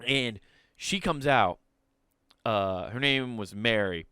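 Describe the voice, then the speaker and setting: Bright, clear-voiced man telling stories. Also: medium pitch, slow, no echo. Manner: animated, swears freely, laughs through his stories. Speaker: podcast co-host. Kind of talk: casual storytelling chat.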